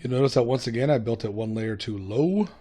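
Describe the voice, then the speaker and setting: A man's voice: mid-range voice, a little fast, mellow. Chatty man narrating his gameplay. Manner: chatty, self-mocking, hums and laughs to himself. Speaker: gaming video host. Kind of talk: casual gameplay commentary.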